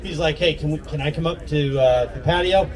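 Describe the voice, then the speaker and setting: A man hosting a comedy night on an outdoor patio, introducing the comics with loud call-outs to hype the crowd. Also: fairly high pitch, a little fast. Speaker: comedy show host. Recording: distant mic with loud music.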